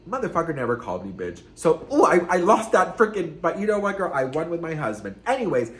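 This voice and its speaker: Sassy gossip-vlog host, male, slightly high voice, in a roomy echoing space. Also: very animated, fast. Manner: sassy, dramatic, swears freely. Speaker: gossip vlogger. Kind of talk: casual celebrity gossip vlog. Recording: roomy room echo.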